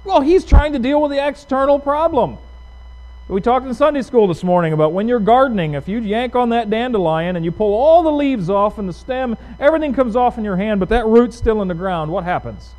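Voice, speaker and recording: A man's voice: very high-pitched, animated, fairly quick, darkish tone, low-quality recording. A male pastor preaching a sermon in a conversational way, putting questions to his congregation. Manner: conversational, asks the audience questions.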